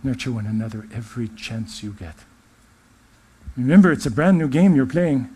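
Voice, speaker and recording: A man channeling a benevolent otherworldly male spirit, giving a gentle, uplifting spiritual address in a put-on English-sounding accent. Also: mid-range voice, lively intonation, normal speed, slightly rough, voice pushed down.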